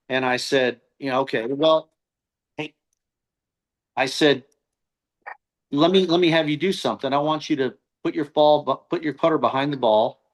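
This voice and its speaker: A middle-aged man, a golf coach, telling stories as a podcast guest and acting out the voices of the people he quotes. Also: medium pitch. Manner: animated storyteller who acts out quoted voices. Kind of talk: casual storytelling interview.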